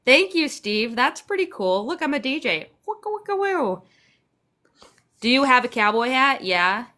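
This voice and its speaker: A woman's voice: a little high, lively intonation, normal speed, pushed and bright. A young woman from Central Texas, chatty and sarcastic, swearing casually as she hosts a phone livestream and answers viewer comments. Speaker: livestream host.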